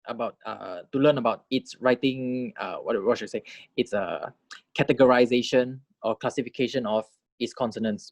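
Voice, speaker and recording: A man's voice: mid-range voice, no echo. A man teaching a language class as a lecture, patiently modeling sounds and checking in with "right?" as he goes. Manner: patient, repeats key points with "right?" checks; models sounds slowly and clearly.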